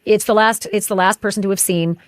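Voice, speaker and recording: A woman hosting a true crime podcast, talking through a news case and passing on details from a source with frequent pauses and restarts. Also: medium pitch, steady tone, no room sound. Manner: hesitant, sharing details from a source. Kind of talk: casual discussion of a news case.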